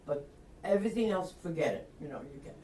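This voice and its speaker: An older woman from Long Island, a retired reporter, telling a lively anecdote and acting out the voices of people in it. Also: deep voice, quick pace, a little hiss or hum. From Long Island, New York. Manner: lively, acts out quoted voices, laughs often. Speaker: interview guest, retired reporter. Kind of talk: anecdotal storytelling. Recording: roomy, distant mic.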